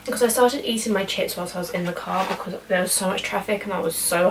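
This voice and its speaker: A woman's voice: medium pitch, fast, few pauses. Chatty young woman vlogging. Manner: chatty and animated, eating while talking. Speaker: YouTuber. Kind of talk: casual chatty mukbang vlog. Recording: slightly distant mic with faint background noise.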